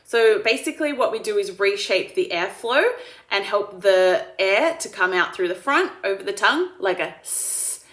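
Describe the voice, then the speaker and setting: Australian woman, speech therapist, calm and encouraging, demonstrates sounds slowly, echoey room. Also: mid-range voice. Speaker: speech pathologist. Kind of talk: explaining therapy steps to camera. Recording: roomy echo.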